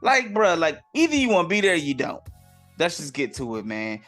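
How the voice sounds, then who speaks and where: A man with a fairly high voice talks through the week's sports news as a podcast host, loose and conversational. He drops "bruh" and "man" into exasperated asides. Faint music plays under his voice. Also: wildly swooping pitch, a little fast, fairly bright tone. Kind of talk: casual sports commentary.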